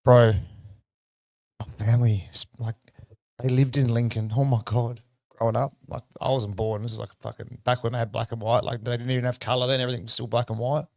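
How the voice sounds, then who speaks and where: An Australian man hosting a livestream, talking in a rambling, excitable and profane way. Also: mid-range voice, fairly quick, vocal fry, no echo, studio quality. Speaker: livestream host. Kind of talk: casual livestream commentary.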